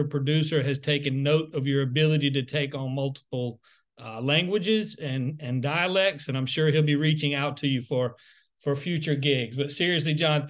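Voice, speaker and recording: A middle-aged man speaks over a video call in a rather high, flat voice, thanking people one after another. He rambles a little and stumbles over repeated words, in a casual, grateful way. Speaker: CEO closing a webcast.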